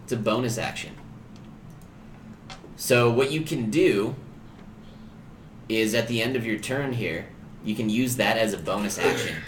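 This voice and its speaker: A man's voice: on the low side, a little slow, long pauses, echoey room, a little hiss or hum. A man narrating and explaining rules as dungeon master of a tabletop game. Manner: casual, explains rules at length.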